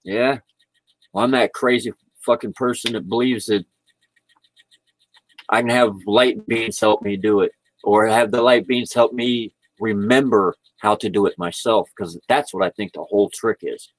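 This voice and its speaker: A man's voice: on the low side, steady tone, normal speed, no echo, low-quality recording. A man chatting casually about spirituality into his computer microphone, rambling and laid-back, laughing often. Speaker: vlogger. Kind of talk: casual spiritual livestream chat. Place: indoors at home, speaking into a computer.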